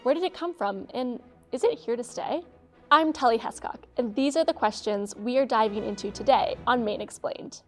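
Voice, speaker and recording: A woman hosting and narrating a scripted explainer, with a clear, measured delivery. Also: a little high, over music. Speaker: host.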